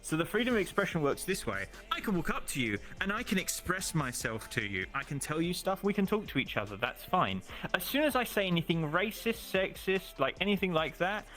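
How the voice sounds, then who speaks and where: A man's voice: high voice, big pitch swings, fairly quick, hardly any pauses, pushed and bright, faint music behind. A young man chatting casually on a stream, opinionated and swearing. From United Kingdom. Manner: opinionated, swears, mocks with put-on voices. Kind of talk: casual chat.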